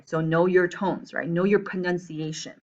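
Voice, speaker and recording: A woman's voice: on the low side, fairly even intonation, normal speed, muffled recording. A woman with a New Jersey accent, teaching a recorded language lesson and checking in with "right?" and "okay?" as she explains. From grew up between Taiwan and the United States. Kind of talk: recorded lesson, reading from a textbook.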